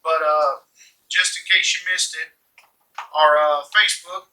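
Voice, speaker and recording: Host, man, playful and breezy, high bright voice, distant mic. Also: steady tone, unhurried. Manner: playful, plugs the channel. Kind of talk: casual chat. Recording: mic far off.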